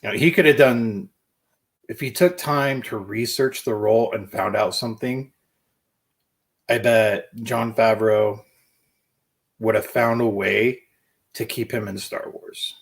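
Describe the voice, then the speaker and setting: A man with a fairly low voice gives blunt, opinionated takes in an easygoing conversation. He talks as a co-host, settling into his points without hurry. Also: measured pace, pauses often. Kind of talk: casual chat.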